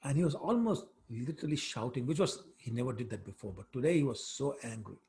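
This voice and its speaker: A male scripture teacher who tells a sacred story in an animated, chatty way. His pitch moves around a lot, and he often pauses on fillers between phrases.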